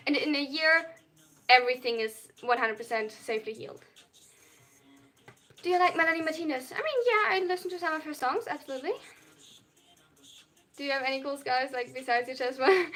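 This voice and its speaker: Bright high young German-accented woman streamer. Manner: reads viewer questions aloud and answers them earnestly and openly. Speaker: live streamer. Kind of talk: live stream chat Q&A.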